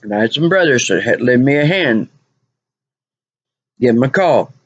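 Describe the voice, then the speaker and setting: A woman's voice: rumbling low, lively intonation, normal speed, slightly rough, no echo. A woman recounts a run-in on her vlog, exasperated and repeating herself for emphasis. The recording sounds dull and lo-fi. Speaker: vlogger. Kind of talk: animated personal storytelling.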